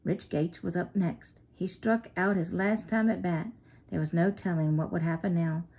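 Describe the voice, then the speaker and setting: Gravelly woman reading a children's story. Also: fairly low pitch, normal speed. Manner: steady, clear narration.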